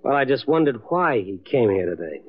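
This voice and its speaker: A wisecracking radio reporter. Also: male voice, medium pitch, big pitch swings, fairly quick. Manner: terse hard-boiled first-person narration. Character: wisecracking male newspaper reporter, young adult. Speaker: reporter narrating his own case. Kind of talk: 1940s radio drama narration and acting. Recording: dull old radio broadcast.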